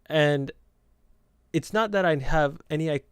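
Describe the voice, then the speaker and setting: Young man with a faint Southern lilt, slightly high voice, dry close sound; rambling casual podcast host. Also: a little slow, clear, resonant tone, dry recording. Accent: light Southern US. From Southern United States. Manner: chatty, meandering, self-correcting.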